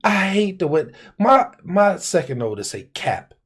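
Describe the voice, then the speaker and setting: A man's voice: sits high, sing-song, measured pace, fairly bright tone, breathy edge. A man co-hosting a casual podcast, joking and acting out exaggerated quotes as a father. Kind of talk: casual chat.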